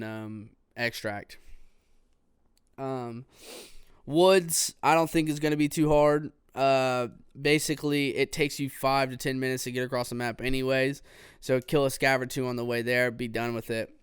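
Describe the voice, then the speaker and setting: A man hosting a casual solo podcast, rambling in a relaxed way with plenty of fillers. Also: medium pitch, smooth, dry recording, clean studio sound. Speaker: podcast host. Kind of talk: casual solo gaming talk.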